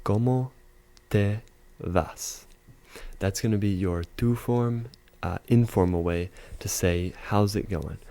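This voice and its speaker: A man teaching a casual video lesson, explaining step by step with frequent fillers and slowly repeating example phrases. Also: deep voice, gravelly, dark tone. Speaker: language teacher.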